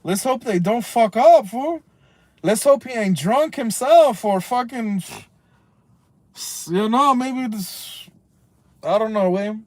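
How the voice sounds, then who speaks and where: High-voiced man in a profane ramble. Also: expressive, slow pace, pauses often, no echo. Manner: profane, rambling, peppered with Spanish slang; swings between loud outbursts and low mutters. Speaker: livestreamer. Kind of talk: casual rambling livestream rant.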